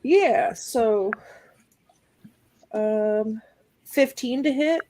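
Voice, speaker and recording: Slow, hesitant woman playing a tabletop game. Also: fairly high pitch, warm tone, no room sound, faint music behind. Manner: hesitant, thinking aloud. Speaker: player. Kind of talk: casual tabletop game play.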